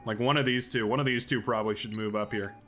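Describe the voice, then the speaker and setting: A chatty man livestreaming a strategy game, thinking out loud and getting excited as things happen. His voice is bright and forceful. Faint music plays quietly underneath. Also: lowish voice, fast talker. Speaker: streamer playing a strategy game. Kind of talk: live game-stream commentary.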